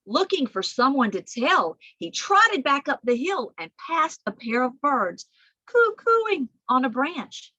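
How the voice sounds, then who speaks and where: A female librarian reads a story to children slowly, with big animated shifts between gentle whispers and high calls. There's no room sound on the recording.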